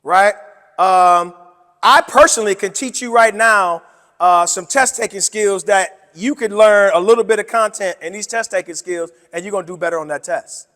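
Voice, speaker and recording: A man presenting a workshop to teachers, with an animated, preacher-like delivery that swings between loud and soft. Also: sits high, moderate pace. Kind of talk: conference talk to educators. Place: conference room. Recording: hall with long reverb.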